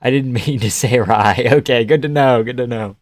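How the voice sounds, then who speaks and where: A young man from Canada reacts to fights live on his stream, excitable and profane, trading quips with his viewers. His voice sits in an ordinary middle register. The sound is dry and close to the mic. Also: mid-range voice, normal speed, no echo. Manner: excitable, swearing, laughing, chatting with viewers. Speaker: livestream host.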